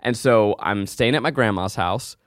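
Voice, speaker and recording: A man's voice: lowish voice, moderate pace, dry recording, studio quality. A man hosting a podcast, telling stories in a casual, comedic way and laughing as he talks. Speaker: podcast host.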